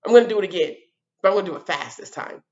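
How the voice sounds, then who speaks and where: Animated woman teaching young children. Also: mid-range voice, dull audio. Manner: animated, sounds out letters, repeats words slowly for children. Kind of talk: children's lesson on video.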